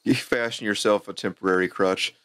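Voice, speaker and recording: A man runs a tabletop game as its game master, calling for dice rolls and describing the scene. His voice sits low, and the sound is dry and close. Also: fairly even intonation, fairly quick, a bit bright, clear, resonant tone, no echo.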